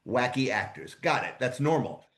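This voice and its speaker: A man in his sixties, a voice actor guest telling rambling, lively anecdotes in a casual interview. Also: mid-range voice, moderate pace. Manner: rambling, animated anecdotes with asides.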